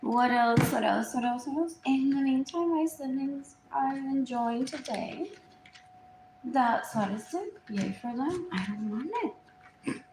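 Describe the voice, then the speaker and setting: A woman talks on a live stream at home, in a somewhat high voice. She rambles, repeats herself and drifts into low murmurs. The room gives her voice a noticeable echo, with a faint hiss behind it. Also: a little slow. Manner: repetitive, drifting, often trailing into murmurs. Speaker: livestreamer. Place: indoors at home. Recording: roomy echo.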